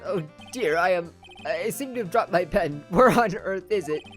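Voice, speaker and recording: A woman voicing a flustered old male judge who talks slowly and fussily. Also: fairly low pitch, animated, soft background music, close to an everyday voice. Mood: fussy.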